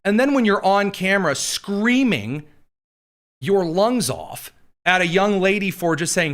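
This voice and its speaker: A man's voice: high-pitched, animated, a little slow, fairly bright tone. A man hosting casual political commentary, sarcastic and jokey, with frequent fillers and asides.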